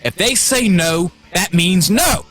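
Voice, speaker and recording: A man's voice: high-pitched, expressive, slow pace, a bit bright, soft background music. A man hosting a livestream, heated and profane, stumbling over restarts as he gets worked up. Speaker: livestream host. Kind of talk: casual livestream rant.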